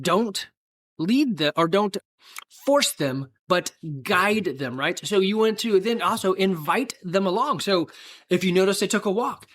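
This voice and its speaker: This middle-aged podcast host, who also owns a gym, has a high, somewhat bright voice. Alone on his casual show, he drifts along folksily, making fun of himself and wandering into asides.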